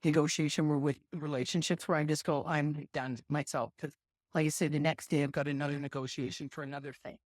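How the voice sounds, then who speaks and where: A woman's voice: low voice, level tone, fast, a little mellow, dry recording, studio quality. Frank woman speaking on a panel. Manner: frank, plain-spoken, with restarts. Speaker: festival director on a panel. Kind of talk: casual panel discussion. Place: live conference panel.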